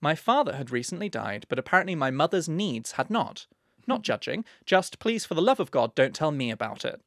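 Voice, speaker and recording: A man's voice: on the high side, sing-song, fairly quick, gravelly, no room sound, clean studio sound. A man co-hosting a podcast, chatting casually in a playful, teasing, mock-grand way. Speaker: podcast co-host.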